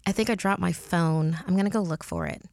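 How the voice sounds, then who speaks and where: A woman's voice: on the low side, a little fast, creaky, darkish tone, dry recording, studio quality. A woman voicing a careless teenage girl who has lost her phone, inside a story she narrates. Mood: casual.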